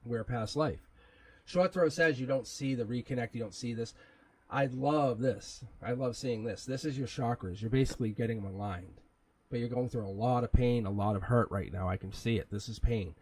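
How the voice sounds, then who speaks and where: This livestream host reads tarot in a mid-range, slightly mellow, husky voice at a moderate pace. He meanders casually, laughs often and sometimes swears, and the recording quality is rough.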